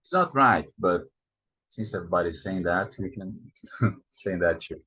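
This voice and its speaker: Slow, low-voiced Brazilian man teaching. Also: expressive, pushed and bright, husky. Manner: slow, repeats words to model pronunciation. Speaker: Portuguese teacher. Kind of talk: language lesson. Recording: dull lo-fi sound.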